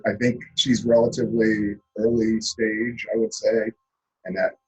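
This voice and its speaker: A man's voice: on the low side, unhurried, muffled recording. Man lecturing with many fillers. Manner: relaxed explaining with many fillers. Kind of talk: classroom lecture.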